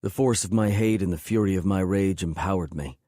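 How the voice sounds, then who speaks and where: A man's voice: sits low, a little fast, mellow, dry recording, studio quality. A man narrating an audiobook in first person, intense and brooding.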